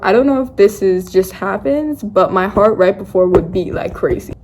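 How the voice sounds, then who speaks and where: A woman's voice: mid-range voice, normal speed, noisy background. A young woman vlogging, telling a story in a casual, dramatic, self-mocking way and acting out her own quotes. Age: young adult.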